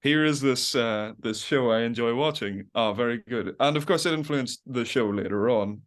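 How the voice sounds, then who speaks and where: A man's voice: mid-range voice, moderate pace. A young man as a podcast guest, rambling in casual chat, laughing often and acting out little quotes. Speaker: podcast guest, web series creator.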